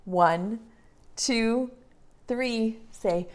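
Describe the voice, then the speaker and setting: A young woman, a preschool teacher, reading a story and talking gently to young children in a sing-song way. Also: on the high side, lively intonation, takes it slowly.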